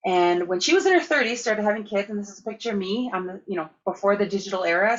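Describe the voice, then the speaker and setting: A woman from Canada giving a conference keynote, telling lively anecdotes with laughter. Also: lowish voice, highs cut off. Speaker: keynote speaker. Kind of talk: storytelling conference talk.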